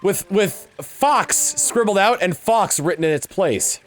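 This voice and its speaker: A young man chats casually through a game livestream, rambling and restarting his sentences. His voice sits a little high and moves around a lot in pitch. Faint music plays behind him. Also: animated, a little slow. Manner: rambling, many fillers and restarts. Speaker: game streamer.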